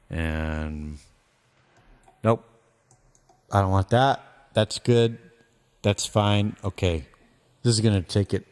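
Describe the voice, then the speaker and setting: A man talking casually through his mixing session on a live stream, rambling and thinking aloud with a self-deprecating streak. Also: low-pitched. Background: faint music playback from his mix.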